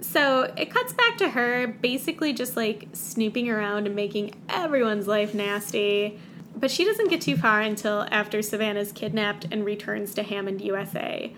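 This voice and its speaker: A woman co-hosting a podcast, recapping a book in casual chat with sarcastic asides and quick character voices. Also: mid-range voice, animated, fairly bright tone, slight background noise.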